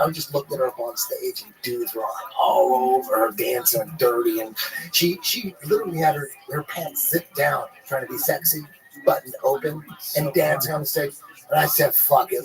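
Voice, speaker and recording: A man's voice: mid-range voice, creaky, low-quality recording. Profane rambling man telling a story. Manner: profane, rambling, laid-back. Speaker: podcast guest. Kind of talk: casual crude storytelling.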